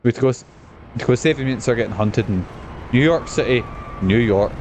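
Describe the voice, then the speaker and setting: A man's voice: medium pitch, very fast, darkish tone, a little hiss or hum. A man chatting casually while streaming a game, enthusiastic and swearing freely. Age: adult. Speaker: gaming streamer. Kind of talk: casual gameplay commentary.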